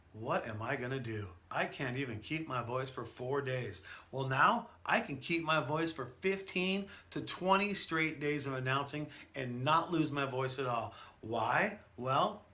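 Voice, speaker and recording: A man who works as a professional event announcer, giving an energetic, conversational lesson with stories from his career. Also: medium pitch. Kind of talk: instructional talk to camera.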